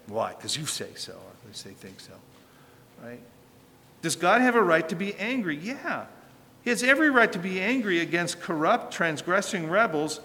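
A man delivering a sermon, his bright, slightly high voice ringing through a reverberant church with a faint hum of room ambience. He preaches emphatically, swelling on key phrases and pulling back, and puts rhetorical questions to his listeners. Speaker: pastor.

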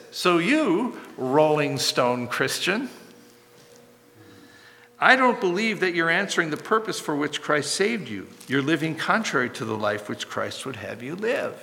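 A man preaching a sermon as pastor, emphatic and building to loud, animated passages. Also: a little high, measured pace, gravelly, long reverb tail.

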